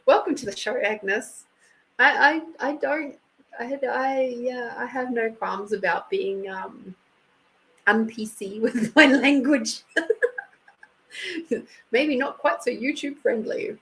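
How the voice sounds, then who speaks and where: Slow-talking Australian woman, giggly host. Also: sits high, a bit bright, low-quality recording. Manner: chatty, giggly, thanks donors by name. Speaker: intuitive reader and live stream host. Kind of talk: casual live-stream chat.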